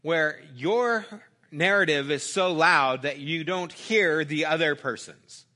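Middle-aged guy preaching, bright tone, chatty, goes loud then real soft. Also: on the high side, slow. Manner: conversational, swings from loud emphasis to hushed intimate asides. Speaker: pastor. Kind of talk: sermon.

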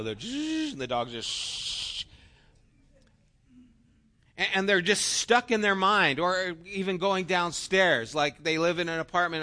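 Middle-aged guy preaching, earnest, tells stories, bright forceful voice. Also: fairly high pitch. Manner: earnest storytelling, acts out quotes. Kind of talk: sermon.

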